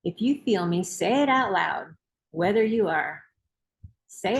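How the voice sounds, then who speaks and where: A woman's voice: mid-range voice, expressive, slow pace, gravelly, low-quality recording. A woman hosting a book club, reading aloud and giving an emphatic, rousing motivational talk.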